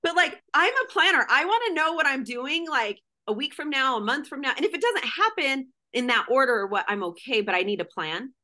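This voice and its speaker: A woman's voice: high voice, animated, a little fast, hardly any pauses, pushed and bright. A middle-aged woman guest speaking candidly and emotionally in casual conversation, full of "like".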